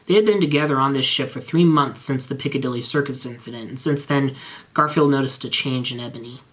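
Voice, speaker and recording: Man narrating fan fiction deadpan. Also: mid-range voice, fairly quick. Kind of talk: reading fan fiction aloud.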